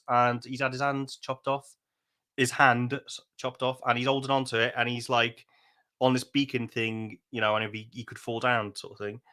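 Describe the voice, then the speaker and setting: This podcast co-host has a mid-range voice that's bright and forceful. His talk is casual chat, meandering through retold stories with frequent bursts of laughter.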